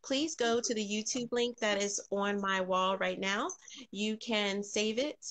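A woman's voice: medium pitch, steady tone, measured pace. Woman hosting a live stream. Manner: warm greetings to viewers, frequent ums. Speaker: podcast host.

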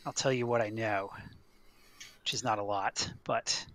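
A man's voice: lowish voice, steady tone, a little slow, fairly bright tone, no echo. A man voicing a tough, battered female ex-prisoner in a tabletop game, talking bluntly and with dry scorn. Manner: blunt, dry, plain-spoken.

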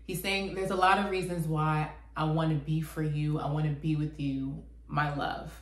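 Female host, lowish voice, casual chatty explainer, roomy echo. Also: normal speed. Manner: chatty, relaxed, often says "like". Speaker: channel host. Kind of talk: casual explanatory talk to camera. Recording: echoey room.

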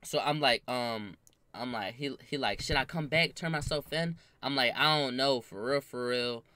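A man's voice: mid-range voice, normal speed, no echo. A young man telling a story in casual slang, acting out the voices of the people in it. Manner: animated, acts out quoted voices, slangy.

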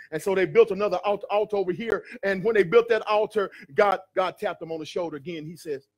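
High-voiced preaching man. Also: expressive, normal speed. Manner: preaching with call-and-response, building to shouts. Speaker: pastor. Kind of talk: sermon. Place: church sanctuary.

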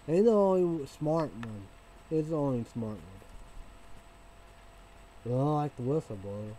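A man from Illinois ranting in a halting, repetitive way, sometimes bursting into loud excited shouting. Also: on the high side, a little hiss or hum, low-quality recording. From Illinois, United States. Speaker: vlogger. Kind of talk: rambling casual rant.

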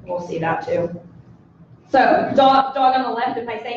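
A high-voiced woman teaching a class, animated and playful, often slipping into little voices for dogs and people. She is heard from a distance in a very echoey room with a dull sound. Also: brisk, crowd noise, noisy background. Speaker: dog trainer. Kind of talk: lecture to a live audience. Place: presentation room with audience.

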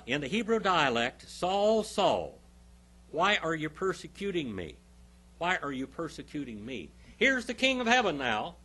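Animated male pastor quizzing his class. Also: a little high, breathy edge. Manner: emphatic, quizzes the listeners with questions. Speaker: pastor teaching a Bible class. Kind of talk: interactive Bible teaching.

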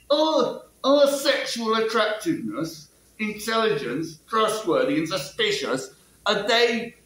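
In an echoey room, a man with a fairly high, slightly bright voice gives a casual monologue about language learning. He poses rhetorical questions and tags his sentences with "yeah?".

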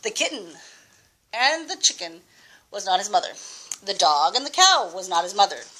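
An older woman reading a picture book aloud to a child, patient and expressive, stopping to ask questions. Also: mid-range voice, normal speed.

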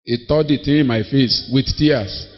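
A man's voice: medium pitch, a little slow. A man preaching a sermon, emphatic and storytelling, acting out the people in his stories. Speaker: pastor. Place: church hall. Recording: dull audio in a long-reverb hall.

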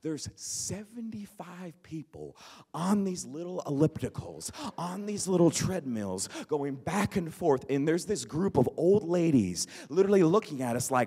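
A male pastor preaches and tells stories with an animated, self-deprecating humor. His voice sits a bit high and swings widely in pitch. A long reverb from a big hall hangs behind every line. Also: moderate pace, slightly rough. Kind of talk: sermon with personal storytelling.

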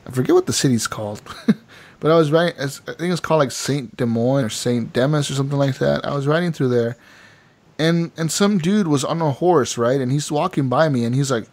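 Animated male podcast host telling a story. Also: medium pitch, a little fast. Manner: animated storytelling with quoted voices and filler words. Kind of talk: casual gaming podcast chat.

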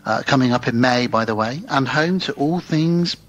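On a lo-fi recording, a British podcast co-host from the United Kingdom speaks at a moderate pace in a medium-pitched voice. He's easygoing and chatty, laughing often as he reads a listener's email aloud.

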